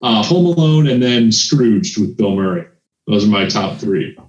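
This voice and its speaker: A man's voice: lowish voice, lively intonation, measured pace, roomy sound, highs cut off. A man chatting as a podcast guest, easygoing and agreeable, answering in short replies. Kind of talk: casual chat about films.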